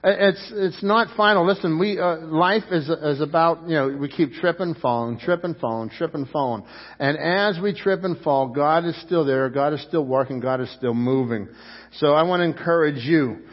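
A man delivers a sermon in a slightly high voice, spinning a story and pressing it home to his listeners. He lifts his voice to stress a point and drops to a near hush for the lesson. The sound is muffled and carries a long echo, as in a large church hall. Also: moderate pace. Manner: storytelling preacher, rising and dropping to a hush. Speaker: pastor.

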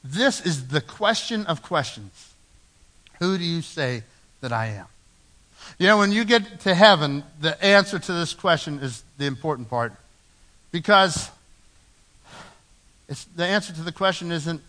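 Animated man preaching a sermon. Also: moderate pace. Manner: dramatic preaching, swinging from loud emphasis to low hushed lines. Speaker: pastor.

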